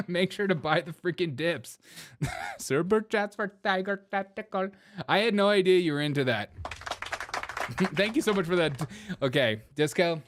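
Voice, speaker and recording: A man hosting a livestream commentary show, animated and giggly, laughing through his words. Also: on the high side. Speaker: show host.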